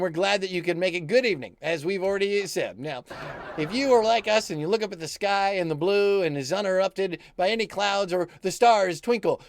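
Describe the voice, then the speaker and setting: A man hosting a live stream, rambling and joking in a mock-lecture way with sing-song asides. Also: sits high. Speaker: host. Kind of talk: goofy live-stream banter. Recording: music playing behind.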